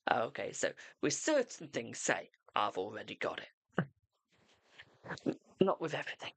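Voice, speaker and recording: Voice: mid-range voice, animated, measured pace, gravelly, long pauses, a bit bright, dry recording. A host giving live-streamed tarot readings in a chatty, reassuring way, calling viewers darling.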